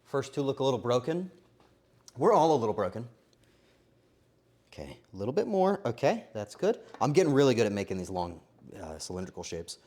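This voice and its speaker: A male streamer chatting through a baking session in his home kitchen, cracking self-deprecating jokes as he works. His voice is middle-pitched and very animated, darting from low mutters up to excited outbursts. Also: a little fast, pauses often. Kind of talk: casual live-stream commentary while baking.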